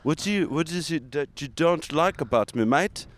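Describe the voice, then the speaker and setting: A smug, aggrieved tech billionaire, pitched up and pushy, needles his listener and tacks "mate" onto every jab, as a man puts him on. The voice is a little brighter than the speaker's own. It is recorded out on a city street. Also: lively intonation, normal speed, natural voice. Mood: needling. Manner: needling, keeps tacking on "mate" and "dude".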